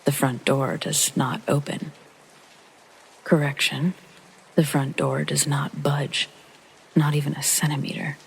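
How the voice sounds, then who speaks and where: A man hosting and narrating a true horror story in a hushed, half-whispered way, with a gravelly, husky and breathy voice. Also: on the high side, level tone, measured pace, long pauses, rough recording. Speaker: host and narrator.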